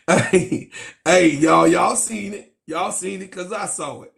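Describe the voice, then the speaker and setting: A man giving loud, profane, joking sports commentary, laughing and calling out to his viewers. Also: sits high, slow pace, gravelly, pauses often. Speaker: sports vlogger. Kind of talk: casual comedic sports commentary.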